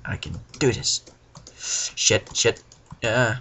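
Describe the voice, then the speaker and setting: A young man giving profane, frustrated let's play commentary, ranting and now and then bursting into yells. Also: deep voice, slow pace, creaky, long pauses. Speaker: gamer.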